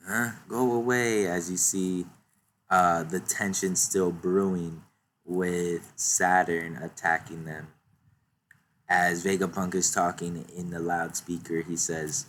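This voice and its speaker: A man casually recapping a comic chapter, retelling the action excitedly with many fillers. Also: low voice, slow, slight background noise. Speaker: YouTuber recapping a manga chapter.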